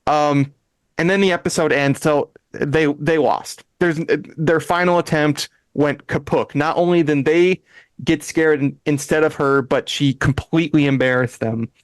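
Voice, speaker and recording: A man's voice: a little high, a little slow, dry recording. A man hosting a podcast, animatedly retelling an episode with frequent laughs and restarts. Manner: animated, acts out characters' lines in voices; laughs often, restarts sentences. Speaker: podcast host. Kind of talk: casual chat, retelling an episode.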